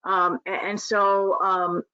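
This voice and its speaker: A middle-aged woman who coaches, speaking earnestly in a casual webinar talk, often pausing to say um. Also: medium pitch, little pitch movement, bright, forceful tone, smooth, dry recording. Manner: earnest, with frequent ums and restarts. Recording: dry, muffled call audio.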